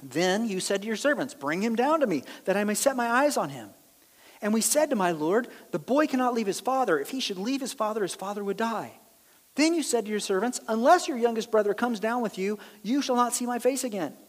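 A man preaching a sermon, reading scripture aloud and acting out the characters' reactions in a lively, animated way. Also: sits high, fairly quick. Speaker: pastor. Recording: long hall reverb.

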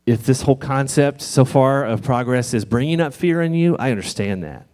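A man preaching in church in a conversational, gently reassuring way, sometimes reading scripture aloud. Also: medium pitch, normal speed. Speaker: pastor. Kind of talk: sermon.

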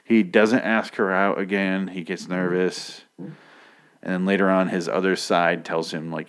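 A man's voice: low-pitched, flat delivery, measured pace. A man giving a casual, rambling recap of a TV episode, profane and full of joking asides.

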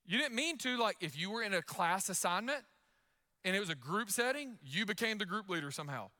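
Young male pastor, high bright voice, loud energetic sermon delivery. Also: fairly quick.

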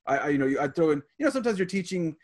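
A man's voice: a little high, very animated, rapid-fire. A man who works as a teacher, chatting on a podcast, reading items from a list and adding stories from his classroom. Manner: reads items aloud and adds classroom stories.

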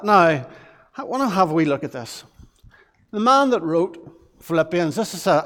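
Playful pastor in a church hall. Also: male voice, high-pitched. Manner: playful, questioning, coaxing. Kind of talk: children's talk in church. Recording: long reverb of a large hall.

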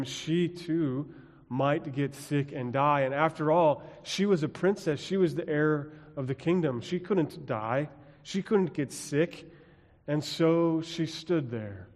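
A man preaching and praying as a pastor, telling a story dramatically, dropping quiet and then building emphasis. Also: fairly high pitch. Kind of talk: sermon. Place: church sanctuary. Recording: long church reverb.

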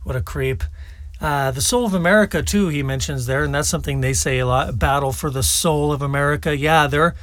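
A man's voice: fairly high pitch, fairly quick, a bit bright. A man hosting a political commentary show, talking casually and scornfully between played clips. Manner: scornful, mocking.

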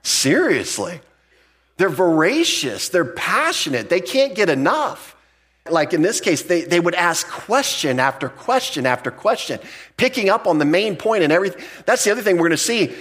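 A pastor preaches an expository, verse-by-verse sermon, addressing the congregation conversationally and emphatically while often restarting his words. His fairly bright, breathy voice swings widely in pitch at normal speed, jumping up to stress key points.

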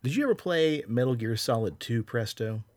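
A man's voice: medium pitch, animated, normal speed, darkish tone, no echo, studio quality. A man co-hosting a podcast, reading out chat messages and telling stories with a laugh. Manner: laughing, storytelling, reads chat. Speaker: podcast co-host. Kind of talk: casual podcast storytelling.

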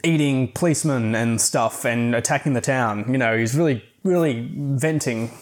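A man's voice: mid-range voice, normal speed. A man giving a casual, rambling book review, recapping the plot with fillers and the odd swear. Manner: chatty, rambling, swears now and then.

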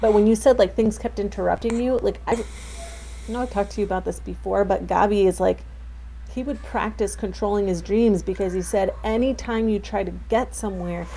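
Mellow-voiced woman musing aloud. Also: medium pitch, steady tone, fairly quick, gravelly, a little hiss or hum, rough recording. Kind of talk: casual chat.

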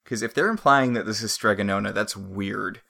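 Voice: sits low, normal speed, gravelly, pushed and bright. A podcast co-host recapping a TV episode in casual chat, rambling and going off on tangents.

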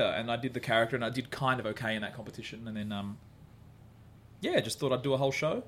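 A man's voice: medium pitch, very animated, quick pace, a bit bright. Rambling comedian man. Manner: rambling, self-deprecating, swears, frequent restarts. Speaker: comedian guest. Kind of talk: candid podcast interview chat. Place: bar venue.

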